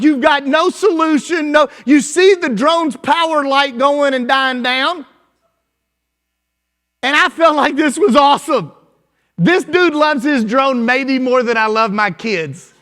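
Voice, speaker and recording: A man's voice: extremely high pitch, pushed and bright. A man with a Kentucky accent giving a folksy, joking conference keynote as a school superintendent, often asking "right?". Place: large conference hall. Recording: long hall reverb with faint music.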